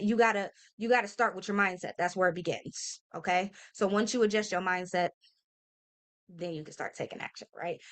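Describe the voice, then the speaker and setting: With a medium-pitched, slightly bright voice, a woman in her thirties speaks to camera as a motivational vlogger, earnest and heartfelt. Her talk is casual and emphatic, laced with slang and fillers, and she keeps checking in with listeners directly, saying "y'all" and "okay?"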